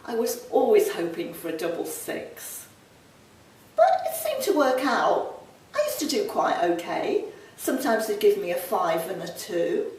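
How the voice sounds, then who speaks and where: A woman's voice: mid-range voice, a little mellow, a little hiss or hum. A woman doing a stand-up comedy routine, chatty and playful, full of puns and asides. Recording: echoey from far off.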